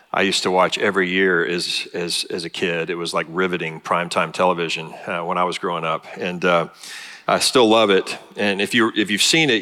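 Male pastor, low voice, earnest halting sermon delivery, long hall reverb. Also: sharp tone. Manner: earnest, halting with many fillers. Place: church sanctuary.

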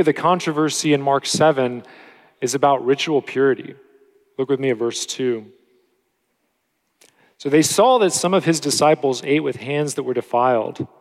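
A man delivering a sermon in a steady, teaching manner, now and then correcting himself mid-phrase. His voice sits a little on the high side, and the sound carries a long reverberant tail from the church hall. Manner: steady expository preaching with occasional self-corrections. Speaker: pastor.

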